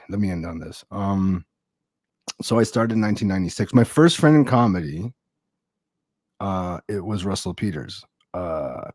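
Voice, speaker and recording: Man, middle-aged, low voice, dry close sound; crude stand-up riffing on typed heckles over a video call. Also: darkish tone, dry recording. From Filipino-American. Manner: loose, crude, riffing on audience text comments. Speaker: stand-up comedian. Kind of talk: stand-up set on a virtual comedy show.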